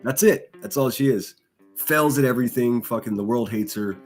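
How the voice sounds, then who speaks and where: A man's voice: mid-range voice, normal speed, soft background music. A man hosting a livestream, reading chat and mocking people with crude insults and laughter. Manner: insulting, sneering, laughs at own jokes. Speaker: livestream host.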